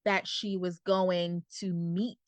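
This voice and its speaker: A woman's voice: lowish voice, little pitch movement, slow, no room sound. A woman co-hosting a podcast, chatting casually and thinking aloud with many fillers. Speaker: podcast co-host. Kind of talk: casual chat.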